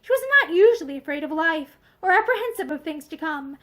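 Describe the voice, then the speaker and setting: A woman reads a novel aloud, seated indoors and facing the camera. Her voice is very high and moves a great deal as she tells the story. Her delivery is expressive throughout. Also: brisk. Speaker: audiobook reader.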